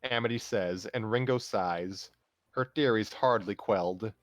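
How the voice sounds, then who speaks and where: A man calmly narrating a fan story aloud on a livestream, steady with small restarts. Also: lowish voice, measured pace, no echo. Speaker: storyteller host.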